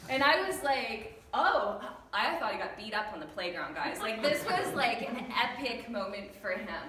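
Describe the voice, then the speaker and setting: A woman with a fairly high voice tells comic stories to an audience in a lively, animated way, slipping into the voices of her family. She is picked up from a distance in a roomy, echoing hall. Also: normal speed, slight background noise. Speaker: storyteller on stage. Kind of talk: humorous personal storytelling talk. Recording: echoey hall, recorded from far off.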